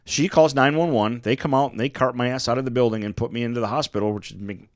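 A man's voice: mid-range voice, fast talker, dry recording, studio quality. A man in casual podcast chat, telling a profane story about a past job. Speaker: podcast co-host.

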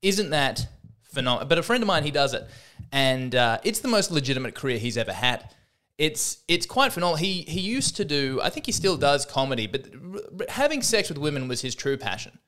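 A man's voice: a little high, big pitch swings, fairly quick, bright, forceful tone. A man hosting a podcast, delivering a rambling, self-deprecating comedic monologue with frequent restarts. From Australia. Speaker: podcast host.

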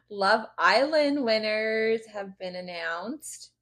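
A woman's voice: on the high side, drawn-out words, fairly bright tone. A woman co-hosting a laid-back chat show, spinning gossipy stories with plenty of swearing. Her delivery is loose and conversational, full of fillers and asides. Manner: gossipy storyteller, swears freely. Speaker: podcast co-host. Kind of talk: casual chat.

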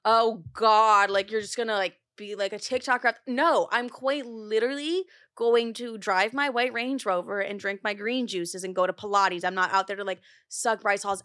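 A young woman hosting a podcast, telling stories in a rambling, profane, animated way as she chats casually into her microphone. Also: mid-range voice, normal speed, hardly any pauses. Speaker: podcast host. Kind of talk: casual chat.

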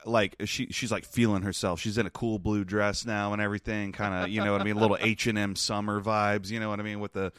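A man's voice: lowish voice, level tone, quick pace, hardly any pauses, fairly bright tone, clear, resonant tone, no room sound, clean studio sound. A young man hosting a podcast, casually recapping a movie with rambling asides, frequent laughs and casual swearing. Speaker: podcast host.

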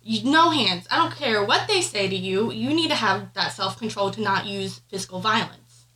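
A woman's voice: mid-range voice, expressive, normal speed, bright, forceful tone, rough recording. A pregnant woman on a podcast, emotionally retelling a family argument with lots of fillers. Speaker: podcast co-host. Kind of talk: casual chat, personal storytelling.

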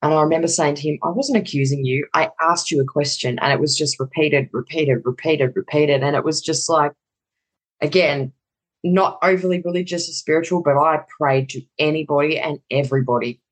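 A woman's voice: sits low, brisk, low-quality recording. Australian woman candidly telling her story. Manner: animated retelling with quoted inner dialogue. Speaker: interview guest.

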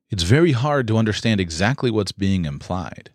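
A man giving an instructional talk on communication, explaining in a measured way with occasional fillers. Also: deep voice, very animated, no echo, studio quality.

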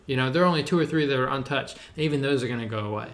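Racing along in a medium-pitched, slightly bright voice, a young adult man chats casually on a podcast. The recording has a roomy echo, and his laid-back enthusiasm comes with plenty of "dude".

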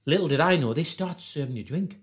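Animated man telling stories. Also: fairly high pitch, brisk. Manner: animated, laughs through his stories, acts out voices. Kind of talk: casual storytelling chat.

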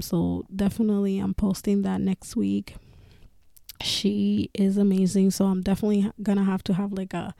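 A woman's voice: medium pitch, creaky, warm tone, dry recording, studio quality. A woman, hosting a podcast in casual personal talk, candid and swearing, often laughing between phrases. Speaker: podcast host.

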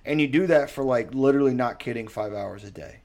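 A young man in casual chat, rambling and profane, telling animated stories. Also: medium pitch, quick pace.

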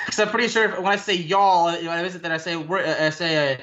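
A man's voice: a little high, quick pace, fairly bright tone. A man whose first language is French, co-hosting a radio show, rambling and correcting himself as he talks. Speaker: radio co-host. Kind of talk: casual radio banter. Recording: slightly dull lo-fi sound.

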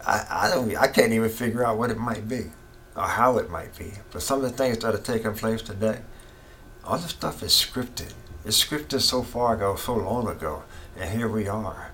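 A man's voice: fairly low pitch, fairly bright tone, a little hiss or hum. A middle-aged man giving an impassioned, repetitive opinion monologue as a political commentator. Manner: impassioned, ranting, repeats himself.

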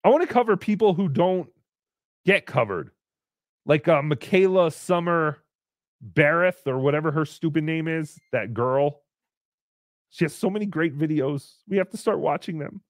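Fields: a man voicing crude puppet host, high and lively. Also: moderate pace, no room sound, clean studio sound, natural voice. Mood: sarcastic. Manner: sarcastic, crude, mock-outraged asides. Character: brash foul-mouthed male puppet show host. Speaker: livestream host reading paid messages. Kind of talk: live-stream character chat.

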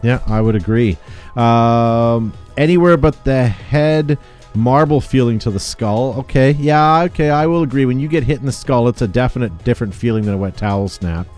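A man's voice: mid-range voice, normal speed, a little mellow, faint music behind. Chatty male podcast host. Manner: chatty, reads viewer comments aloud. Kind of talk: casual panel chat.

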